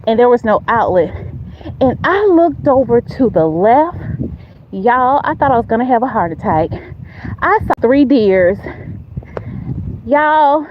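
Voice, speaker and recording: A woman's voice: a little high, very animated, a little slow, long pauses, highs cut off, slight background noise. A woman giving a motivational faith talk on a walk, emphatic and repetitive like a preacher, recorded on a phone.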